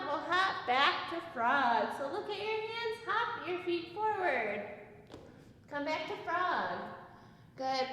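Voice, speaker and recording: A woman leading a kids yoga class in a studio, giving gentle, playful sing-song cues. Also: extremely high pitch, slight background noise. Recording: very echoey room with long reverb.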